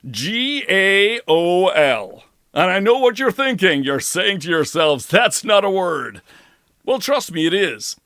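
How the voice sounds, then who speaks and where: A man putting on a booming American radio announcer. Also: big pitch swings, fairly bright tone, no echo, studio quality, heavily acted. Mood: showy. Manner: booming, drawn-out quiz-show delivery.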